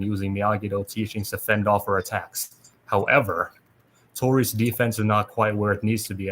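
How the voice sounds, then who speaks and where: A man hosting a podcast, reading a plot recap aloud in a steady way with small restarts. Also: on the low side. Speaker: podcast host.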